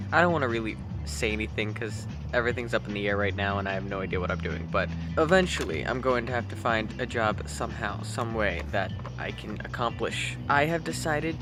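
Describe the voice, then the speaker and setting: A young man talking casually in a vlog, self-deprecating and rambling about his own frustrations. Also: mid-range voice. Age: young adult. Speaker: vlogger.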